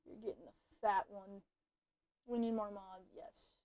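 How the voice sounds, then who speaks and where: A woman's voice: medium pitch, little pitch movement, measured pace, darkish tone. A young woman streamer chatting casually, rambling through a story and swearing freely. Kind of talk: casual livestream chat.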